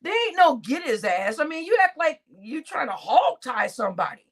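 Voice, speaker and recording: A woman's voice: high-pitched, big pitch swings, normal speed. A woman hosting a live stream, laughing often and talking to her chat in crude slang. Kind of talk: casual live-stream commentary.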